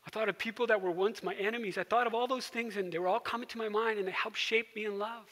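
A man preaching a sermon as pastor, telling a story and dropping to a soft hush for quiet moments. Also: high-pitched, steady tone, fast, big-room sound. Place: church sanctuary.

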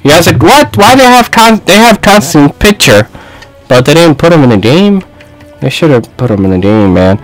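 A young man giving casual gaming commentary, trash-talking and shouting at a fighting game. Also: moderate pace, no room sound, low-quality recording. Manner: excitable, shouts and trash-talks at the game, swings loud and high. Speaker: gaming YouTuber. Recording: faint music behind.

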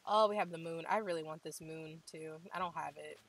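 Young woman, lowish voice, casual gaming host, gushing and chatty. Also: a little fast, creaky, a little hiss or hum, poor audio. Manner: chatty, gushing, says "like" constantly. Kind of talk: casual game tour commentary.

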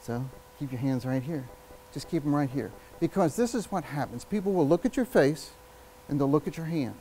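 A man giving a live public speaking workshop, energetic and emphatic, shifting his speed and volume and using long pauses. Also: a little high, a little hiss or hum, rough recording. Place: workshop room with an audience.

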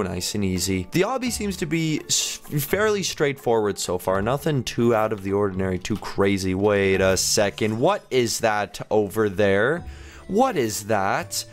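A man giving a chatty, joking playthrough commentary of a video game, reacting quickly and with excitement to what he sees. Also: on the low side. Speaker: gaming commentator.

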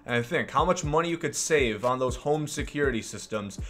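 With faint music behind him, a gaming channel host jokes his way through his gameplay in an animated, mid-range voice at a slightly fast clip. Sarcastic asides fill his rambling, and big plays make him shout.

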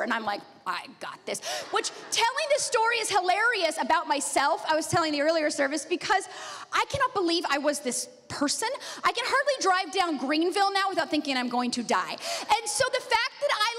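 High-voiced woman preaching in a reverberant hall. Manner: animated storytelling, laughing often. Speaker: pastor. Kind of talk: sermon. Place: church sanctuary.

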